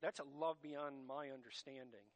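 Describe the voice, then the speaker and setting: A man's voice: medium pitch, fairly even intonation, normal speed. A man preaching a sermon as pastor, emphatic and direct, addressing his congregation as church.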